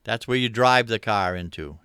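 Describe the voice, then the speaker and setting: A middle-aged man with a Maine accent hosts a laid-back chat with his viewers, rambling along with plenty of fillers. His voice is bright and clear. The sound is dry and close. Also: lowish voice, moderate pace, no echo. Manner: easygoing, rambling, many uh fillers, chuckles. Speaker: livestream host. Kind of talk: casual chat reading viewer comments.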